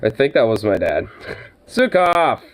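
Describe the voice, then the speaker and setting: A man's voice: medium pitch, expressive, slow, dark tone, poor audio. A young man reacting to a news clip, rambling and incredulous, with lots of cursing and stammered restarts. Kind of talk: casual reaction commentary.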